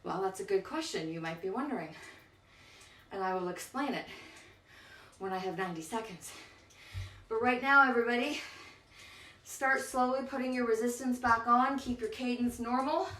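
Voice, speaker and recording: A woman's voice: fairly high pitch, moderate pace, pauses often, fairly bright tone, recorded from a distance. An out-of-breath woman, a spin instructor, coaching a bike workout and counting down intervals with encouragement. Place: indoors on an exercise bike. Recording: echoey room, voice off-mic.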